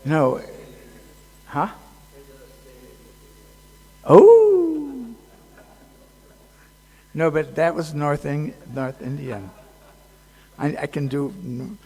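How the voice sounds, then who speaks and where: A man giving a casual devotional talk at a festival, halting and joking, with many fillers. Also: mid-range voice, steady tone. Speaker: speaker at a temple festival. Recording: long hall reverb.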